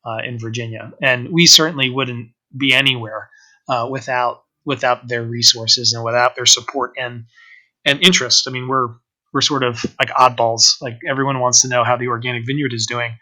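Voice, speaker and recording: An organic winery owner, appearing as a guest, is interviewed about running his organic vineyard and talks casually but hesitantly, full of ums, fillers and restarts. His medium-pitched voice is bright, steady and forceful, at a normal speed. The audio quality is poor.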